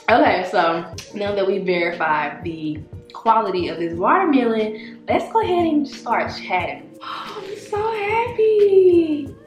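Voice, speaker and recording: Chatty young woman in an echoey room. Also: medium pitch. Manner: chatty and playful, drops to murmurs while eating. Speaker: wellness vlogger. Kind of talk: casual chat to camera. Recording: echoey room, faint music behind.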